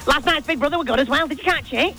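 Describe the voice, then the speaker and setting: A man giving a chatty, gossipy roundup of soap news on breakfast radio, in an animated and teasing way. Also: very high-pitched, very fast, soft background music. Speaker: soap and entertainment news contributor.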